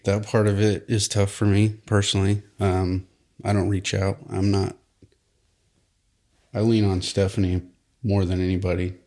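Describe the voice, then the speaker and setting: Halting, deep-voiced reserved father. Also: flat delivery, a little mellow. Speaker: father of guests. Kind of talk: interview answer.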